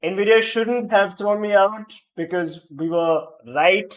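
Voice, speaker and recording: A man's voice: high voice, slow. A man with an Indian accent hosting a gaming podcast, chatting and joking casually and reading out the live chat. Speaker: podcast host.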